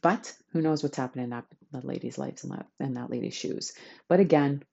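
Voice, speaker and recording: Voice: medium pitch, a little fast, creaky, warm tone, breathy edge, highs cut off. A podcast host giving a chatty, enthusiastic self-help talk to listeners.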